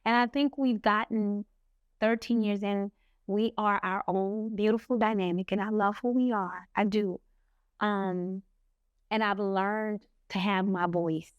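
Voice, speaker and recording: Slow, earnest woman podcast co-host. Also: mid-range voice, steady tone, smooth, dry recording, lo-fi sound. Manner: slow, earnest, reflective with pauses. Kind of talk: heartfelt podcast talk.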